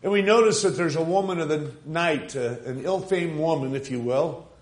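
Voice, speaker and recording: A man's voice: on the high side, normal speed. A man preaching a sermon, retelling a Bible story in a conversational way with frequent fillers and rhetorical questions to the congregation. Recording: echoey room.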